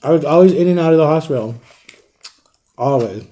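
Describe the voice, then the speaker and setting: A man's voice: fairly high pitch, a little fast, mellow, lo-fi sound. A man in his thirties telling a long personal story to his viewers in a casual, rambling way, full of fillers and talking straight to the audience. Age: 30s. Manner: rambling, filler-heavy, addresses viewers as guys. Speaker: vlogger. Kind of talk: casual storytelling while eating.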